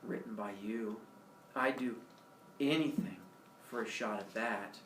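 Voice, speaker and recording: A man's voice: on the low side, measured pace, fairly bright tone, far from the mic, a little hiss or hum. A man reading aloud and voicing a gushing, eager young female starlet, in a roomy room recorded from afar.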